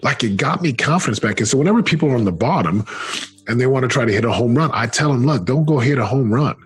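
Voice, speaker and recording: A middle-aged man telling his life story in an interview, earnest and emphatic, slowing down on key phrases. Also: mid-range voice, animated, breathy edge, faint music behind. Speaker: interview guest, former football player and speaker.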